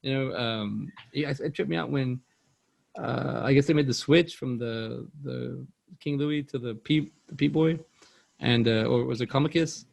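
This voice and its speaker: A man's voice: medium pitch, unhurried, creaky, darkish tone. A man hosting a podcast, chatting casually and rambling about a movie, with lots of "like" and "dude". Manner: rambling, loose, says "like" and "dude" a lot. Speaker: podcast host.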